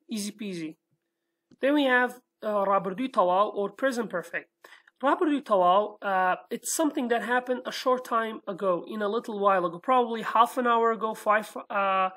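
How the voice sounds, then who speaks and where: Kurdish-accented woman, native Kurdish speaker, mid-pitched teacher voice, patient and step-by-step, keeps checking in with the learner. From Iraqi Kurdistan, Sulaymaniyah. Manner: patient, explains step by step, often checks with "okay?". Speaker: language teacher. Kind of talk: online language lesson.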